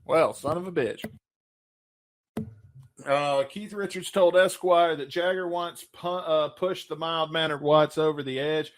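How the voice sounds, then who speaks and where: A man with a voice pitched a touch high hosts a loose podcast quiz. He is loud, crude and joking as he reads out the questions. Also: steady tone, measured pace. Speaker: podcast co-host. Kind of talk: casual chat, quiz.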